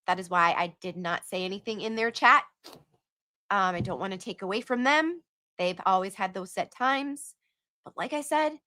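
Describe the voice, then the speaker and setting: A woman hosting a casual livestream, reading out donations and messages with animated asides. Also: fairly high pitch, no echo, studio quality. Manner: animated, reads donor names and messages aloud with quick asides. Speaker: livestream host.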